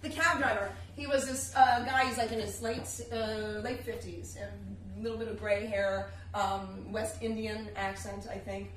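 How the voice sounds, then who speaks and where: A woman's voice: medium pitch, steady tone, moderate pace, hardly any pauses, a little hiss or hum. A woman in her thirties performing a chatty, self-deprecating comic monologue on a theater stage, heard on a distant, echoey live recording. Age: 30s. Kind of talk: solo comedy storytelling.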